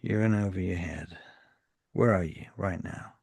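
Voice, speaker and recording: A take-charge, protective woman on a phone call, played by a man. She is urgent and reassuring. The voice stays low and gravelly, and the recording is dry. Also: measured pace, a little mellow, no echo, full character voice. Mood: concerned.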